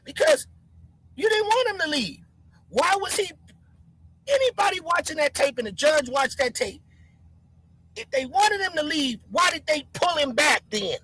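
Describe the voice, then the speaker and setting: Live stream host, heated rant at chat, wide swooping pitch, sharp bright tone. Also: moderate pace, pauses often, no room sound, low-quality recording. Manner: shouting, animated, mocking chatters by name.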